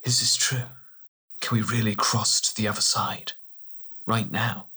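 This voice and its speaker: A man voices an earnest male warrior in an audiobook, eager and full of hope. His voice sits at a middling pitch, sincere and intent. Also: lively intonation, slow. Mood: awed. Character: hopeful, eager male warrior longing for home. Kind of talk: audiobook character reading.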